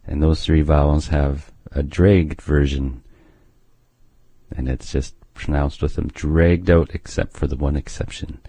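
A man's voice: rumbling low, steady tone, unhurried, warm tone, breathy edge, no room sound. A man teaching a language's alphabet on radio, drawing out each sound as he pronounces it. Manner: drags out sounds when pronouncing them.

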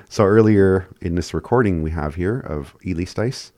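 A man giving a casual language lesson, laid-back and chuckling often as he spells words out slowly. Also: low voice, a little mellow, no room sound. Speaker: language teacher.

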